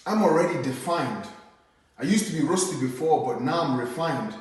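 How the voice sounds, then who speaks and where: A man performing rhyming spoken word poetry with a steady, earnest cadence. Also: on the high side, moderate pace. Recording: very echoey room, mic at a distance.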